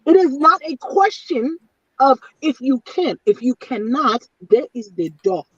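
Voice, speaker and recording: A middle-aged woman talks bluntly in a casual chat and hammers her points home by repeating them. Her voice sits high. The sound is dry, dull and lo-fi, picked up from some way off the mic. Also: big pitch swings, a little slow, fairly bright tone, husky, dry recording. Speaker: panelist in a women's chat. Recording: distant, dull lo-fi audio.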